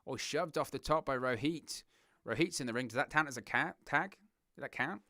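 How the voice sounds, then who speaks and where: A young man from southern England with a southern English accent, hosting a wrestling watch-along with excitable play-by-play commentary. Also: medium pitch, fairly quick, no echo, clean studio sound. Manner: excitable play-by-play, giggles at puns, reads chat.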